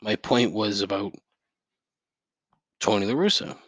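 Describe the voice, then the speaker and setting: Solo podcast host, man, low voice, profane and rambling, rants at home on a dry close mic. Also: measured pace, fairly bright tone, no room sound. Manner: profane, rambling, with frequent restarts and outbursts.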